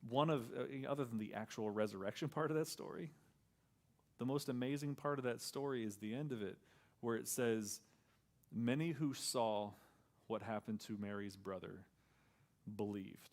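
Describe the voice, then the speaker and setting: A male pastor delivers a sermon in a conversational way, at medium pitch and normal speed. He acts out quoted lines and drops to a soft near-whisper on key words.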